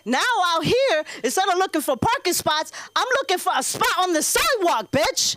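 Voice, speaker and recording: A woman doing an open mic stand-up set in a small comedy club, telling brash, profane stories in an animated way. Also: very high-pitched, normal speed, hardly any pauses. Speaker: stand-up comic.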